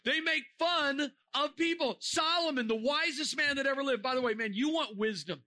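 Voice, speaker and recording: A man preaching a sermon to a young crowd, animated and joking, firing rhetorical questions and sometimes shouting. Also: very high voice, moderate pace.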